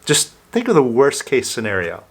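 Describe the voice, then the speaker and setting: A man calmly guiding the listener through a self-help exercise, speaking step by step as a coach. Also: mid-range voice, slightly rough. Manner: slow, calm, coaching listener through steps.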